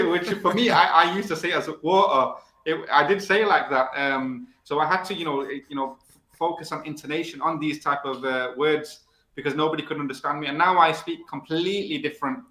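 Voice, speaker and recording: A man's voice: a little high, sharp tone, echoey room, poor audio. A man from the north of England with a Manchester accent, an English teacher chatting casually. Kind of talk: casual chat on a video call.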